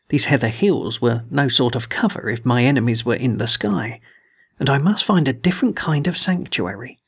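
A man giving a measured audiobook narration of a novel. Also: mid-range voice, vocal fry, slightly rough.

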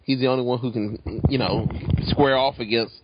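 A man joking through a casual movie chat, wry and relaxed. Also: medium pitch, normal speed, highs cut off, heavy background noise.

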